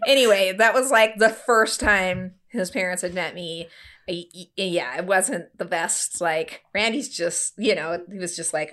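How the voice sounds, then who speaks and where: A woman in her thirties tells a story in relaxed, casual conversation. She is animated and gives each quoted person their own voice. Her voice sits at an ordinary middle pitch. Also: moderate pace. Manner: animated, acts out quoted voices, laughs often.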